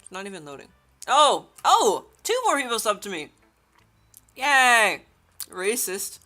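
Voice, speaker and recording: A woman's voice: medium pitch, big pitch swings, a little slow, pushed and bright. A woman livestreaming a game, chatting with her viewers and laughing often. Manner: giggly, chatty, talks to chat. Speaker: streamer. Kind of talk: livestream gameplay commentary.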